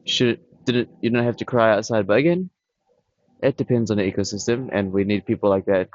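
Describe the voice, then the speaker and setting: A man with a fairly low voice rambles bluntly to his camera, dismissive and repetitive. The sound is dry and close, with dull lo-fi camera audio. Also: a little fast, no echo. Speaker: vlogger. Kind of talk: casual rambling monologue. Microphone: camera on tripod.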